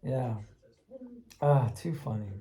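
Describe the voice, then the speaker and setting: A man casually recounting a tabletop game he ran for kids, animated and laughing, acting out the voices he quotes. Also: medium pitch, slow pace, a crowd in the background. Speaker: game master teaching kids. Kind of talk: casual anecdote storytelling.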